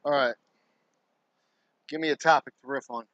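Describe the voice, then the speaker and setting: A man's voice: medium pitch, fairly even intonation, moderate pace, fairly bright tone, no echo, dull audio. A man livestreaming casual chatter while he works, rambling and swearing freely. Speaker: distillery owner livestreaming. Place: indoors at a distillery workspace.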